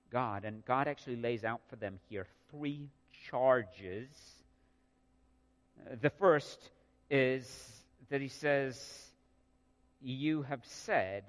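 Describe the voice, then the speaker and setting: A man preaching a sermon, earnest and prone to repeating words as he builds a point. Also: mid-range voice. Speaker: pastor. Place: church sanctuary. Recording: long reverb of a church hall.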